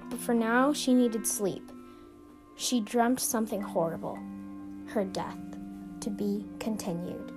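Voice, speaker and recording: A woman narrates a scripted suspense story in an earnest, steady manner, her voice pitched on the higher side. She hosts the show. Clear music plays behind her narration. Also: takes it slowly. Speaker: storyteller and podcast host.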